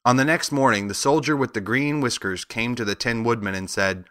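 A man narrating a children's storybook as an audiobook, in a steady, even storytelling manner. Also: medium pitch, fairly quick, no echo, clean studio sound.

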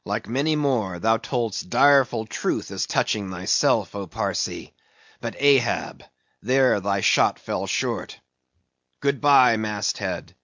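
A man voicing an old, obsessed sea captain who speaks in a brooding, solemn, drawn-out way. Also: lowish voice, expressive, a bit bright, no room sound, lo-fi sound, exaggerated voice. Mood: grim.

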